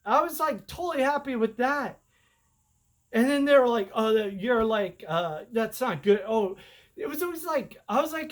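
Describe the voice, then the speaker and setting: A man rambling excitedly in a casual monologue, slangy, his voice jumping up when he feels wronged. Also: high-pitched, moderate pace. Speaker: self-published author and vlogger.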